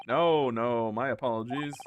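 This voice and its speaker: A man's voice: medium pitch, normal speed, a little hiss or hum, natural voice. A man reading a hesitant, nervous young lawyer. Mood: unsure. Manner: hesitant, stammering. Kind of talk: reading game dialogue aloud. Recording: game music behind the voice.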